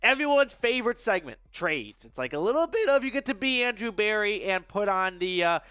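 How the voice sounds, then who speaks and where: A man's voice: high-pitched, very animated, fairly quick, clear, resonant tone, dry recording, clean studio sound. A young man hosting a live sports talk stream, chatty and upbeat, with a stuffy, nasal voice from a cold. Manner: upbeat, chatty, shouts out viewers. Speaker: sports show host.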